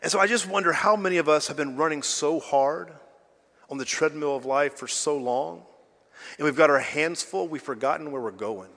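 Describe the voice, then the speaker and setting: A man, a pastor, preaching to a congregation, swinging from loud emphasis to hushed lows and talking directly to the people. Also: moderate pace, creaky. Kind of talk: sermon. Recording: reverberant hall, faint music behind.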